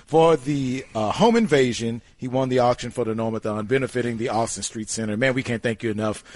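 Man, radio host, upbeat, joking, middle pitch. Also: brisk, a little mellow, dry recording. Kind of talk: radio show segment. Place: at a guest's house.

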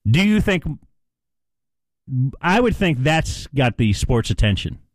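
Lively, higher-voiced sports radio host. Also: male voice, takes it slowly, dry recording. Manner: chatty, rambling, playful. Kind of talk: live sports talk radio.

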